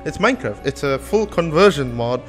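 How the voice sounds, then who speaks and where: A man's voice: fairly high pitch, lively intonation, moderate pace, soft background music. A man giving casual let's-play commentary on a horror game, nervous, jokey and profane, rambling as he goes. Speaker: gameplay channel host.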